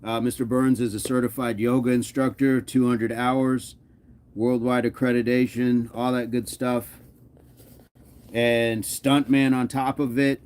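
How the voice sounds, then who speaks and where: A man's voice: mid-range voice, level tone, a little slow, darkish tone. A man hosting a casual fitness live stream, playful and jokey as he chats with viewers on his phone. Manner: playful, jokey, hypes up the chat.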